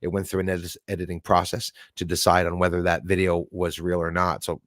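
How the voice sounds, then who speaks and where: A middle-aged Canadian man hosts a live stream, reading viewer comments aloud as he chats casually, rambles, and laughs often. His voice is low and fairly bright, with a level tone and a slightly fast pace. The recording is clean studio sound with no echo.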